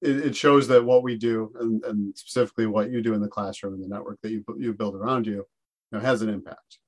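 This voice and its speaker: Earnest low-voiced male teacher. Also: steady tone, fast talker, a little mellow. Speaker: teacher podcast co-host. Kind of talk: casual educational discussion.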